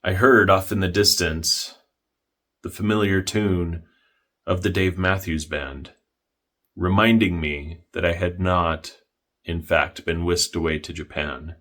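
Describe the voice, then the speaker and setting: Young male vlogger, low-pitched, deadpan narration with dry wit. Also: takes it slowly. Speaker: history vlogger.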